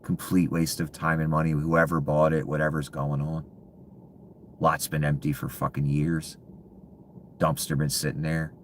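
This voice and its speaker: A man in a bitter, profane ranting monologue, full of contempt and often sinking to low hushed muttering. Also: level tone, moderate pace, a little hiss or hum.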